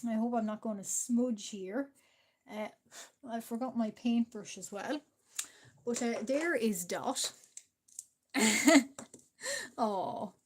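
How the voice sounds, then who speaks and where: A woman's voice: on the high side, a little mellow, a little hiss or hum. A woman with an Irish accent chatting hesitantly with her livestream viewers while she draws, with many fillers and frequent small laughs. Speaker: art livestreamer. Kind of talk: casual livestream chat while drawing.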